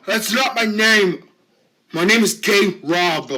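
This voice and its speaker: A man doing a shrill whiny young man near tears. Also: slow, exaggerated voice. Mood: indignant, shrieking. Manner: shrill, shouting, close to tears. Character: whiny young man insisting on his nickname.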